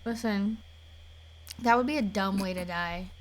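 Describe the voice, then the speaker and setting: A young woman co-hosting a podcast in casual chat, telling stories in a lively, laughing way with casual swearing. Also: mid-range voice, a little slow. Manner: animated, swearing, laughing storyteller. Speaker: podcast co-host.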